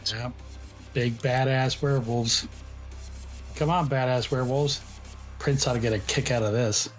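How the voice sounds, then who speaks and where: A man speaking in a tabletop game, gruff and mocking. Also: mid-range voice, steady tone, normal speed, faint music behind. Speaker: player.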